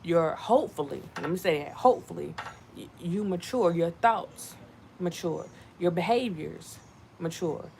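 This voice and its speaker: Gravelly woman chatting to viewers. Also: fairly low pitch, measured pace, slight background noise. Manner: animated, repeats herself, addresses viewers as y'all. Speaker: channel host. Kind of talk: casual commentary to viewers.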